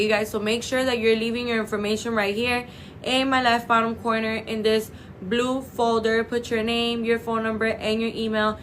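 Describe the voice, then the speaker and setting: A woman's voice: on the high side, bright, forceful tone, a little hiss or hum. A woman hosting a casual live stream from a cosmetic surgery clinic, chatty and gushing, full of "you know" and "like," calling her viewers babe and girl.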